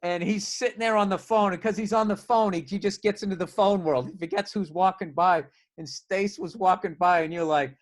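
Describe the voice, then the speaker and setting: A man telling stories in a casual podcast chat, profane and animated, with loud bursts. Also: sits high, a little fast, few pauses. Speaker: comedian guest.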